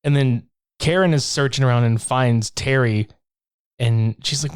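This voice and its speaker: A man on a podcast breezily walking through a horror film's plot, swearing freely. He laughs often and slips into quick impressions of the characters as he retells the scenes. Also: mid-range voice. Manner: profane, laughing, acts out lines from the film. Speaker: podcast co-host. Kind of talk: casual movie recap chat.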